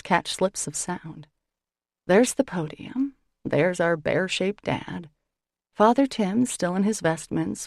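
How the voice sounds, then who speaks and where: A woman reading a novel aloud in the first person, with a wry, expressive delivery. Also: lowish voice, vocal fry, no echo, studio quality. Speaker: audiobook narrator.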